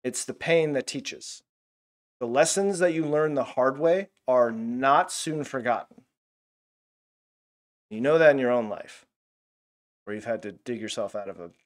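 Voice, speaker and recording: Man, mid pitch, casual animated Bible teacher, loose and chatty. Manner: casual and animated, many fillers. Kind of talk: Bible lesson.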